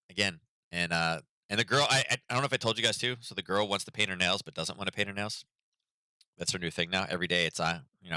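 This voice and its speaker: Low-pitched guy rambling on a market stream, sharp bright tone, dry sound. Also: no room sound. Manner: rambling, chatty storytelling with many fillers. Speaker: market analysis host. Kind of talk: casual livestream chat.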